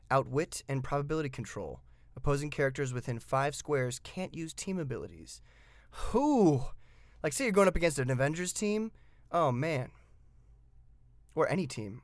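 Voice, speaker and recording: A man's voice: mid-range voice, no room sound, studio quality. A man giving a casual, enthusiastic hobby review of tabletop game pieces, reading the rules aloud and commenting between frequent fillers.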